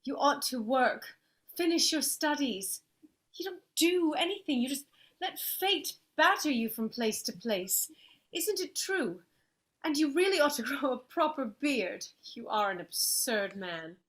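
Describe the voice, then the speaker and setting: A woman portrays an aristocratic lady fearing for her family estate, her voice high and full of feeling. She pleads and frets by turns, all in a stage play. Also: expressive, measured pace, fairly bright tone. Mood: pleading. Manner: emotional, pleading.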